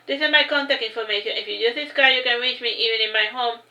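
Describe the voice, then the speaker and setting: A woman voicing a calm, resolute young heroine in a storybook reading, speaking plainly and matter-of-factly. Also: a little high, fast talker. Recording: roomy echo.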